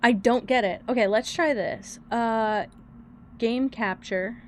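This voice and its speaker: A woman's voice: a little high, takes it slowly, slight background noise. A woman game streamer chatting casually with viewers, exasperated, swearing and laughing at her own troubles. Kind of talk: casual live-stream chat.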